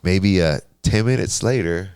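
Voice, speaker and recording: A man in his forties, a podcast guest, telling his life story in animated casual talk and laughing along the way. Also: low voice, unhurried, smooth, no room sound, clean studio sound. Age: 40s.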